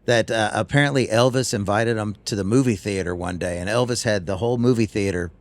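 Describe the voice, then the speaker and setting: A man, a guest telling lively stories in casual chat on a tour bus. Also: fairly low pitch, brisk. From North Carolina. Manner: animated storyteller.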